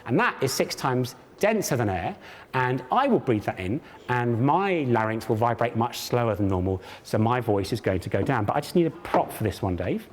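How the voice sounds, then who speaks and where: A man's voice: medium pitch, very animated, moderate pace, a little hiss or hum. A man presenting a live science show on stage, with jokey, theatrical patter and mock pomposity. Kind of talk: comic live science demonstration. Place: live stage show at a large public event.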